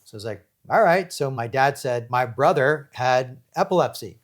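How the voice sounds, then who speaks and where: A middle-aged man, an executive coach giving an animated motivational talk on stage, swinging from loud to hushed as he tells stories. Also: mid-range voice, moderate pace.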